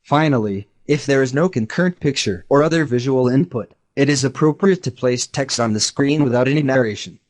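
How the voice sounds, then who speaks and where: A synthetic male narrator voice reads a scripted explanation. His delivery is even and measured, at a middling pitch. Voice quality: synthetic text-to-speech voice.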